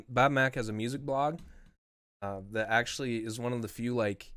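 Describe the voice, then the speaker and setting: A man's voice: fairly low pitch, fairly bright tone, clean tone, no echo, studio quality. A man streaming live as a mastering engineer, talking casually and rambling, swearing now and then.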